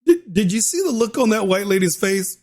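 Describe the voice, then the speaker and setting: Male reaction host, high voice, lively swings, mocking, laughs a lot. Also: brisk. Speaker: commentator reacting to a video. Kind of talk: casual reaction commentary.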